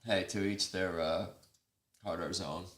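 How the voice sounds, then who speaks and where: A man's voice: sits low, fairly even intonation, a little slow, fairly bright tone, reverberant. A man hosting a casual live stream, rambling and breaking off mid-sentence as he chats with viewers. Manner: rambling, self-interrupting, chatting with viewers.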